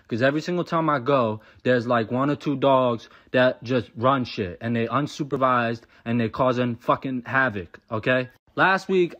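Animated profane man ranting for laughs. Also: a little high, dull audio. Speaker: comedian. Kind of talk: comedic rant to camera.

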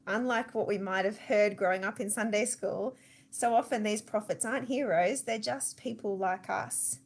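An Australian woman gives a weekly church devotional and retells a Bible story as a chatty, lively storyteller. She talks straight to her listeners at a mid pitch. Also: moderate pace. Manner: lively storyteller, conversational, addresses listeners directly.

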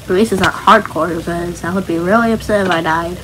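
A woman's voice: lowish voice, brisk, background noise. A young woman talking to herself nervously while playing Minecraft, chatty and easily scared. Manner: nervous, chatty self-talk. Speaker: gaming channel host. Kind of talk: casual Minecraft gameplay commentary.

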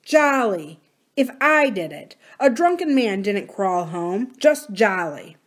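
A woman's voice: mid-range voice, very animated, slow. A woman reading aloud as a grown rancher son, speaking in a raw, pleading way. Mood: rueful. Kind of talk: audiobook-style reading.

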